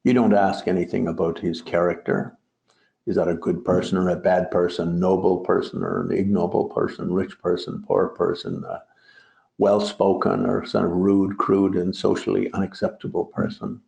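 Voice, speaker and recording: A man with a low, dark voice and vocal fry speaks at a moderate pace with little pitch movement. He's a Buddhist teacher giving a dharma talk on a translated poem, wandering off on tangents and tossing in jokes. The recording is roomy, dull and lo-fi.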